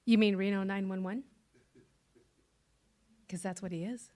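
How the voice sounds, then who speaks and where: A woman's voice: medium pitch, fairly even intonation, a little slow, darkish tone. Chatty woman explaining with restarts. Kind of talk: casual live-stream chat.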